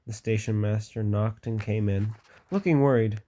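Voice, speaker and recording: A man's voice: fairly low pitch, steady tone, dark tone. Man reading a children's book aloud. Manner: plain, unhurried reading with casual asides. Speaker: reader.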